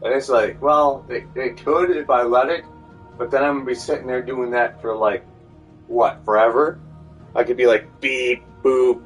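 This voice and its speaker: A man's voice: mid-range voice, steady tone, normal speed. A man talking in a meandering monologue, full of fillers and restarts. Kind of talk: rambling monologue. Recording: distant mic with faint music.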